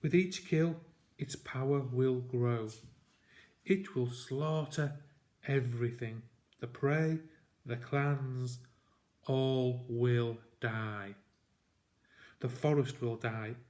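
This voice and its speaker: A man reading a storybook aloud, voicing a dying hunter father who speaks gravely in short, breathless phrases. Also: medium pitch, fairly even intonation, drawn-out words, pauses often, darkish tone. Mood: grim.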